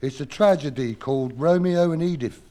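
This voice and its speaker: An actor playing a dim-witted lowbrow playwright who speaks in ungrammatical, common-sounding sentences, in a 1970s radio comedy sketch. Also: male voice, moderate pace, warm tone, lightly acted.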